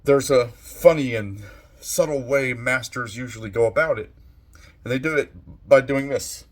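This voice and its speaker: A man giving a slow, thoughtful monologue as a channel host, soft-spoken and unhurried. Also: medium pitch. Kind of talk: reflective monologue.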